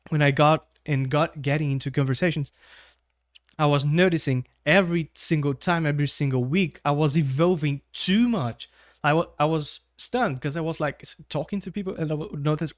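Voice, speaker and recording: A young man with a Brazilian Portuguese accent teaches English in a loose, chatty way, often checking in with his listener. His voice sits at an ordinary pitch. It is recorded close up in a dry, dead room. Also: no room sound. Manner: conversational, frequent tag questions. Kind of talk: casual video-call style lesson.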